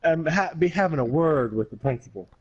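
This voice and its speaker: Young man chiming in, slightly higher voice. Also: expressive, breathy edge, muffled recording. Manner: reactive, interjecting with quick comments. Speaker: gaming channel co-host. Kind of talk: casual chat while gaming.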